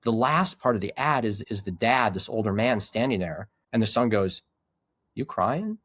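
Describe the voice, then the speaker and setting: A man's voice: on the low side, moderate pace, fairly bright tone, dry recording, studio quality. A middle-aged man and podcast guest who speaks earnestly and reflectively about his men's groups, often restarting his sentences. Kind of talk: casual conversation.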